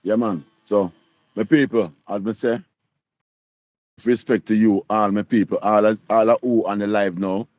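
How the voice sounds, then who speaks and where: A man's voice: fairly low pitch, steady tone, unhurried, darkish tone, no echo. A man in his sixties with a Jamaican accent, chatting casually on a livestream and often asking "you see?" and "you copy?". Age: 60s. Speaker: livestream host.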